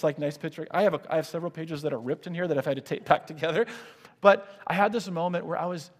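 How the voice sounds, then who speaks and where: A man in his thirties preaching a sermon, earnest and conversational, telling stories with frequent restarts. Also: fairly high pitch. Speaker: pastor. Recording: long hall reverb.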